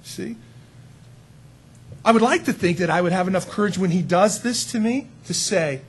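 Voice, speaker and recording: A man preaching a sermon in a conversational, animated way, full of rhetorical questions. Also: high voice, moderate pace, slightly rough.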